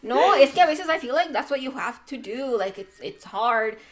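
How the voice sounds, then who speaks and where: A woman's voice: high-pitched, animated, normal speed. Chatty woman slipping into Spanish. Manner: rambling, mixes Spanish phrases into English; laughs often. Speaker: podcast host. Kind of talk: casual chat.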